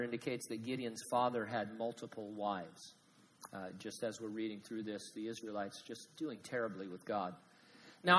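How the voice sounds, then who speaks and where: A man preaching a sermon as pastor, animated, swinging from loud emphasis to hushed asides with jokes. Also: a little high, long reverb tail, slight background noise, poor audio.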